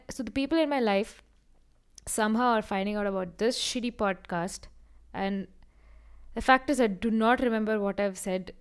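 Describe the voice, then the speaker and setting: A young woman hosting a solo podcast, chatting casually and rambling from one tangent to the next, now and then acting out quotes with lively voices. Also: mid-range voice, clear, resonant tone. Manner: slips into animated acted-out quotes. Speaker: podcast host.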